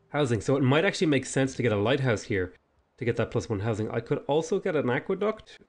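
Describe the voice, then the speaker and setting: A man's voice: medium pitch, a little mellow. A man hosting a strategy game let's play, thinking aloud in casual commentary and talking back to the game's units.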